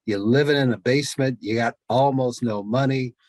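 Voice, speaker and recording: A man's voice: mid-range voice, darkish tone, dry recording. Man hosting an interview, dry sound. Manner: recaps and prompts the guest, quick asides. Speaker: talk show host. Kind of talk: interviewing a guest.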